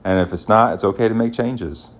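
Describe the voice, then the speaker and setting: Low-voiced dad in his 30s just talking, kinda rambly, restarts a lot. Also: brisk. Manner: rambling, thinking aloud with many restarts. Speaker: stay-at-home dad vlogger. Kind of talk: casual parenting vlog.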